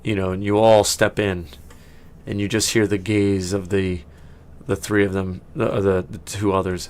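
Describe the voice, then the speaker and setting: A man's voice: sits low, level tone, normal speed, darkish tone. A man running a tabletop game as game master, narrating in a rambling way with many restarts and frequent laughs. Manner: rambling, full of fillers and restarts, laughing often.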